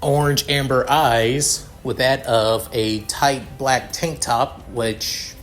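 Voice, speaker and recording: A man's voice: medium pitch, fairly even intonation, slow pace, fairly bright tone, soft background music. A man improvising a fan fiction narration, rambling with many restarts.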